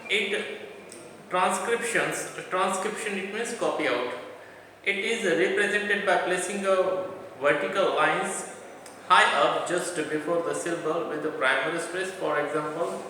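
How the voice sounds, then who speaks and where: A man from India teaching a college English lesson, explaining terms slowly and often restarting or repeating words. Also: high voice, sharp tone, slight background noise. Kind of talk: classroom lecture. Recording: echoey room, from a distance, faint ambience.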